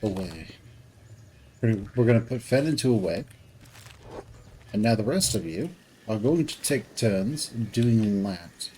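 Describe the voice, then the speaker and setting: A man's voice: fairly low pitch, animated, a little slow, long pauses, dark tone, slight background noise, poor audio. A man streaming a video game, thinking aloud in casual commentary with rambling restarts.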